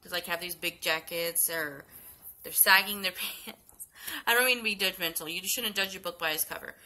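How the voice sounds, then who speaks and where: A woman's voice: on the low side, moderate pace, sharp tone, low-quality recording. A young woman telling a story in a casual vlog, tired and sick, rambling with many fillers and restarts. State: sleepy and sick, yawning. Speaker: vlogger.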